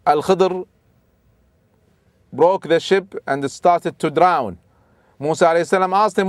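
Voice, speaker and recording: A man telling a religious story as a lesson, animated, with sudden emphatic rises and frequent restarts. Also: on the high side, measured pace, pauses often, no room sound, clean studio sound. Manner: speaks with restarts and repeats. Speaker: religious lecturer.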